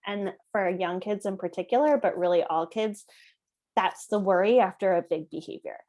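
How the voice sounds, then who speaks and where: A woman teaching parents in a calm, conversational way, often checking in with the listener. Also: medium pitch, normal speed. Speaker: parenting educator. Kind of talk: explanatory talk to parents.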